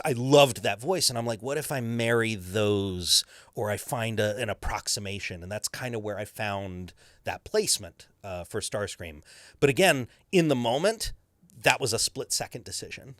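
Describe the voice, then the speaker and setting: A man's voice: fairly low pitch, animated, normal speed, a bit bright, no room sound. A man who is a voice actor, telling stories animatedly in a podcast interview and slipping into character voices. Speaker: voice actor guest.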